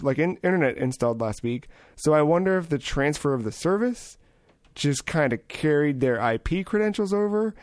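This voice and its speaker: A man hosting a podcast, telling a long story in rambling, profane, animated casual talk. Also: mid-range voice, dry recording, studio quality. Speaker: podcast host. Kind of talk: casual chat, anecdote.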